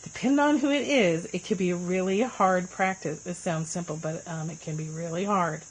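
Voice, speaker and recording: A woman hosting a casual livestream, chatting with viewers and answering their comments with lively swings in pitch. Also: normal speed, slightly rough, low-quality recording. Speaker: livestream host.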